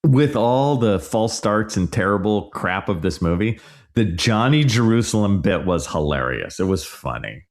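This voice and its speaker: A man's voice: fairly low pitch, expressive, moderate pace. A middle-aged man hosting a casual solo podcast, reviewing a movie in a frank, exasperated rant. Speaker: podcast host.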